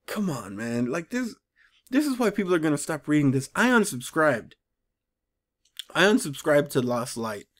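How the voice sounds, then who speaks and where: A man vlogging about comics in an exasperated, animated rant, rambling and mocking as he goes. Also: on the high side. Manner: rambling with frequent restarts. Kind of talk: casual ranting commentary.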